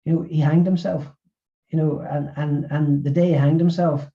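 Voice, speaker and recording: A middle-aged man, an author and former physiotherapist, speaking in a webinar interview and talking haltingly with many repeated words. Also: on the high side, little pitch movement, muffled recording.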